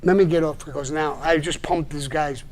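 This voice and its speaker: An older man holds forth on a live stream, cursing freely and pushing back hard at a critic. His voice sits somewhat high for a man, and his delivery is blunt and combative, broken by short gruff laughs. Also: fairly even intonation, moderate pace, a crowd in the background. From New York. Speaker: live show host answering viewer messages. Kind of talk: blunt livestream monologue.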